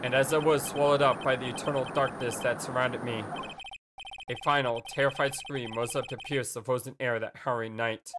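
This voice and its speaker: A woman's voice: extremely low pitch, steady tone, fairly quick, noisy background. A woman voicing a determined young male lawyer who narrates in an earnest, grave way. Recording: game music playing underneath.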